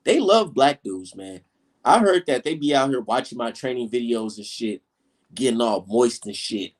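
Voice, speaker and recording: A man's voice: mid-range voice, expressive, moderate pace. A young man ranting heatedly and profanely straight to his viewers in a casual vlog. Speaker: vlogger.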